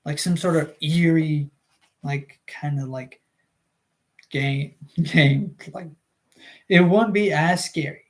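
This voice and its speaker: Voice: mid-range voice, slow pace, pauses often. Rambling casual book-reading streamer. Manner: rambling, many fillers and restarts. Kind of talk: casual livestream chat.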